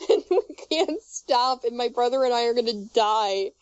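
High-voiced woman telling a story through laughter. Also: unhurried, a little mellow, smooth, no echo, muffled recording. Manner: laughs often through her story, loose and profane. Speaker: podcast co-host telling a story. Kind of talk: casual chat, storytelling.

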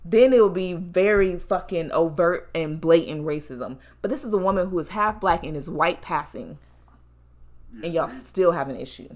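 A woman's voice: lowish voice, normal speed. A young woman co-hosting a podcast, talking bluntly and with heavy swearing in a heated, emotional casual chat. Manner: blunt, profane, impassioned. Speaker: podcast co-host.

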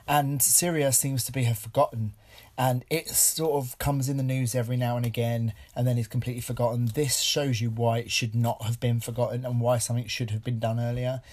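A man hosting a solo film podcast, speaking earnestly and haltingly with many fillers, audibly shaken and emotional. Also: mid-range voice, flat delivery, darkish tone. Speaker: podcast host.

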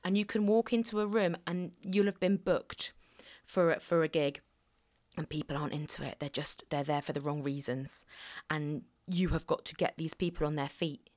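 Woman from Alderney, slightly low voice, chatty singer telling stories. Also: moderate pace. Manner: chatty, animated storyteller who slips into impressions. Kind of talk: casual chat.

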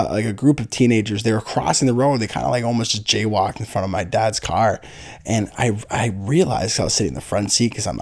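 A man's voice: medium pitch, a little mellow. A man, telling a rambling, profane comedic story full of fillers and restarts. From Niagara, Ontario, Canada. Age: 30s.

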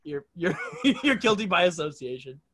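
High, swooping, teasing young man. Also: big pitch swings, moderate pace, fairly bright tone. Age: 20s. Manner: teasing, laughs often, swears freely. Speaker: podcast co-host. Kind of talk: casual podcast banter. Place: home room.

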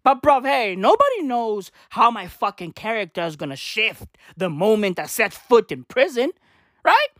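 Swearing man ranting, high voice. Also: sing-song, moderate pace, fairly bright tone, no room sound, studio quality. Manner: rambling, repetitive, keeps saying bruv and right; swears heavily, mock-swaggering. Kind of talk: profane comic rant monologue.

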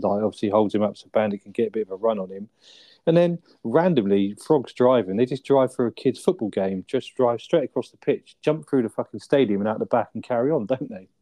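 A man's voice: fairly low pitch, mellow, dry recording. A man, co-hosting a casual film review chat, laid-back and sweary, often ending with tag questions. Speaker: podcast co-host.

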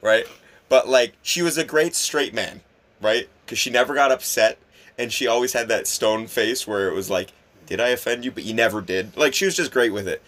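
A man's voice: medium pitch, normal speed, a bit bright. A man in casual comedic chat, telling crude anecdotes in an easygoing way.

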